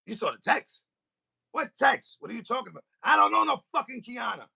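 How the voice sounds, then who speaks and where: Gravelly, lively-voiced man telling a comic story. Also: very high-pitched, fairly quick, background noise. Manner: animated, acting out both sides of phone calls. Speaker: podcast host. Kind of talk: comedic storytelling rant. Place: recording studio.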